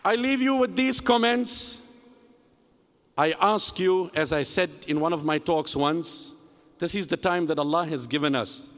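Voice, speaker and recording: High-pitched guy preaching, acts out the story voices, big hall echo. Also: a little slow. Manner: animated, acts out dialogue in the story. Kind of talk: sermon storytelling. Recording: long hall reverb.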